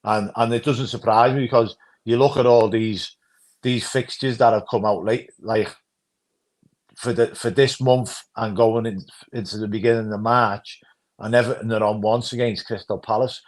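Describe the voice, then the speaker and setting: A man's voice: lowish voice, steady tone, moderate pace. A man co-hosting a fan channel's football chat, rambling and often asking "you know what I mean".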